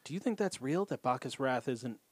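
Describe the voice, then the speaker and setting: A man's voice: medium pitch, animated, fairly quick, husky, no echo. A man casually recapping a show's plot step by step with a co-host.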